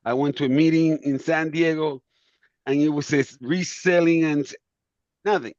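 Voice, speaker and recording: A man whose first language is Spanish, rambling earnestly as a caller. His voice sits a little high and comes through dull and dry on a video call. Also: fairly even intonation, normal speed, darkish tone, dry recording. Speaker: caller asking a question. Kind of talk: casual account.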